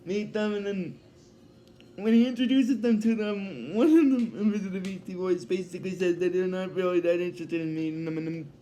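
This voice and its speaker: A man's voice: high voice, fairly even intonation, brisk, dark tone, a little hiss or hum. A man casually recapping a cartoon episode, rambling, often restarting his sentences and laughing at his own retelling.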